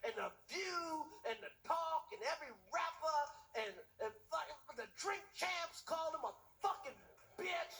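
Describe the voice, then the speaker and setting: A man's voice: very high-pitched, animated, normal speed, pushed and bright, rough recording. A man doing a stand-up comedy routine, ranting emphatically and profanely, hammering his punchlines with repetition.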